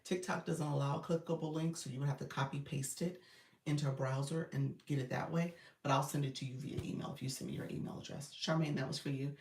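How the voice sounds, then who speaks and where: Gravelly woman chatting on a live stream. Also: low-pitched, fairly even intonation, fast talker, a little mellow. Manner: chatty, loose, many fillers and restarts. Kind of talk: casual live-stream chat with viewers. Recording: roomy, distant phone audio.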